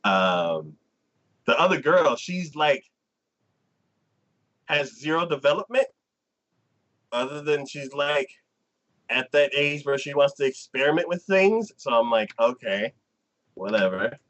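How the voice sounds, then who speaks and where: Animated man recapping an anime episode. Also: fairly high pitch, unhurried, pauses often. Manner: animated storyteller who acts out scenes. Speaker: co-host. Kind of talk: casual anime discussion.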